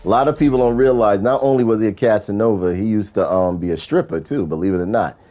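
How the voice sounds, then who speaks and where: A man hosting a gaming video, telling stories in a casual, animated, profane way. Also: on the low side, fast talker, dull audio. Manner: animated, profane, chuckling storyteller. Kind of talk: casual storytelling during gameplay.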